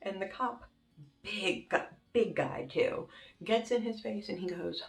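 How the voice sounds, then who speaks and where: A young woman telling a story on her vlog in a casual, animated, dramatic way, with plenty of swearing. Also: medium pitch, measured pace, creaky. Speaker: YouTuber. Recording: roomy with faint music.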